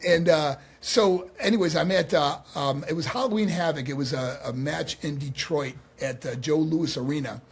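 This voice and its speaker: A man with a somewhat husky voice tells stories as a podcast guest, animated and full of fillers and restarts. His voice sits a little high for a man. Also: moderate pace, hardly any pauses. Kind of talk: casual interview storytelling.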